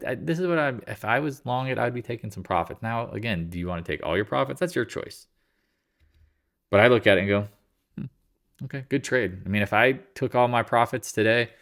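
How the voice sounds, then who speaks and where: Low-pitched guy doing a loose slangy stock recap, jokey asides. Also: fairly bright tone. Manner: loose, jokey, slangy, tosses in silly voices; talks in quick asides and restarts. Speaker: market commentator. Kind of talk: casual market recap over charts.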